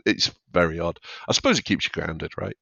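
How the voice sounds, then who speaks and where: Man, comedian guest, self-deprecating, low voice, muffled dry recording. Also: normal speed, vocal fry, pushed and bright, slightly rough, no echo. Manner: candid, self-deprecating, acts out quoted chatter. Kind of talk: conversational podcast interview. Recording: dull dry lo-fi sound.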